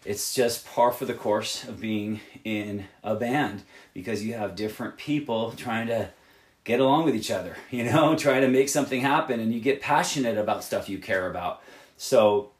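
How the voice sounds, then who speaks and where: A man's voice: on the low side, moderate pace, roomy sound. A man who plays in a rock band, giving other bands blunt, rambling advice full of swearing. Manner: profane, emphatic and rambling. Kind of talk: candid advice monologue.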